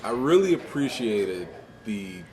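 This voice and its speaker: A man's voice: fairly low pitch, very animated, measured pace, a little mellow, low-quality recording. A man interviewing filmmakers, asking casual questions full of "like" and "I mean.". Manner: chatty, filler-heavy questions. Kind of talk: casual press-junket interview. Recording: busy crowd chatter behind.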